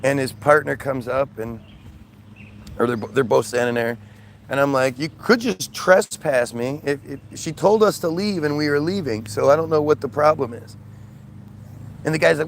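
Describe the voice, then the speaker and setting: Gravelly exasperated man telling a story. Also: mid-range voice, normal speed, a little hiss or hum. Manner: rambling, exasperated, quotes people in raised voice. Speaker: streamer. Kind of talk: casual storytelling to a live feed.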